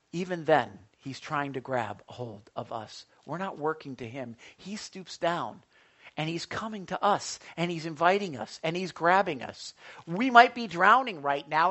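A pastor preaching a sermon in a church, often asking the congregation questions and answering them. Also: medium pitch. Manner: animated, asks the congregation questions.

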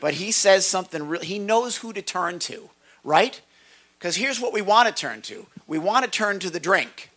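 A man's voice: sits high, lively intonation, moderate pace, fairly bright tone. A male pastor giving a short sermon devotional to a congregation, emphatic and stumbling over repeated words.

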